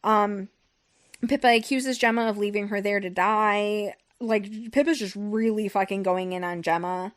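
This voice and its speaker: A young woman hosts a book podcast, recapping a novel in a loose, rambling chat full of profanity and fillers like "like" and "um." Her voice is medium in pitch, her tone steady, her speed normal.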